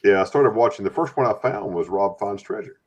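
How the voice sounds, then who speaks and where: A man's voice: fairly low pitch, a little fast, darkish tone, muffled recording. A man hosting a casual livestream chat, rambling and friendly, often repeating words. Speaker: stream host. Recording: faint background noise.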